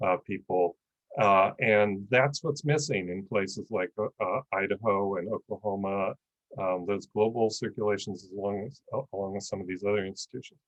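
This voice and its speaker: A man's voice: on the low side, no echo, poor audio. A man presenting on a panel at an academic conference over a video call, speaking thoughtfully with many fillers, his voice starting to give out. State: losing his voice.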